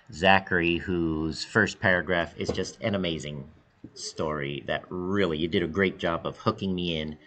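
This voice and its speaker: Upbeat low-voiced male teacher. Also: fairly bright tone. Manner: upbeat, encouraging, with big pitch jumps. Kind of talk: online class video address.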